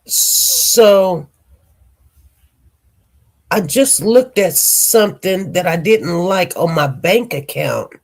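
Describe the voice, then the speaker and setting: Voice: mid-range voice, lively intonation, extremely slow, pauses often. A livestream host chatting casually with viewers and greeting them by name, congested from a cold and rambling between topics. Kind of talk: casual chat.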